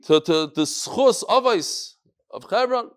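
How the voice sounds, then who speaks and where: A man's voice: high-pitched, takes it slowly, clean tone. A man teaching a Daf Yomi Talmud class in English peppered with Hebrew and Yiddish terms, animatedly acting out the dialogue in the text. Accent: yeshivish English with Hebrew and Yiddish terms. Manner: animated, acts out dialogue in raised voices.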